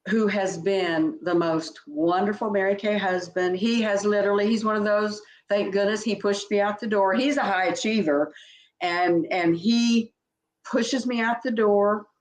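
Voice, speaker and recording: A woman's voice: medium pitch, fairly even intonation, unhurried. An older woman, a senior sales director, reminiscing in a heartfelt, meandering way with many restarts. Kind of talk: reminiscing conversation. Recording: echoey room.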